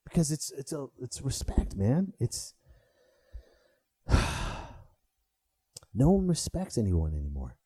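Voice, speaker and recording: This is a man in his thirties, a stand-up comic hosting a podcast, with a mid-range, breathy-edged voice that moves slowly and pauses often. He tells a story in a casual, animated monologue, swearing freely and rising sharply whenever he gets riled. The studio sound is clean, with no echo.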